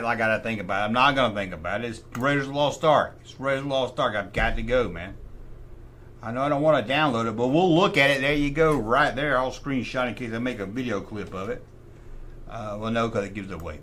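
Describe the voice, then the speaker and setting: A mid-range voice with a little hiss or hum belongs to a middle-aged man hosting a casual livestream chat. He's opinionated and animated, mulling choices aloud to himself.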